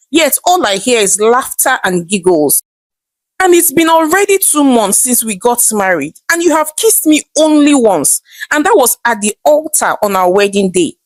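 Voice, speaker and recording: A woman's voice: a little high, dry recording. A woman voicing a bitter young wife who is fed up with her marriage.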